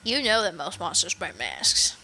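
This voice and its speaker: A woman reading the lines of a calm, observant hotel clerk in a low, deliberate way. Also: creaky, a little hiss or hum, full character voice, low-quality recording. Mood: musing.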